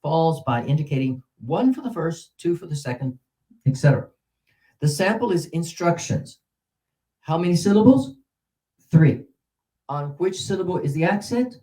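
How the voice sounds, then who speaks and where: A man giving a workshop on teaching English pronunciation, repeating words slowly and counting syllables aloud. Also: on the high side, animated, mellow. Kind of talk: teacher-training workshop talk. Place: presentation room with a mic.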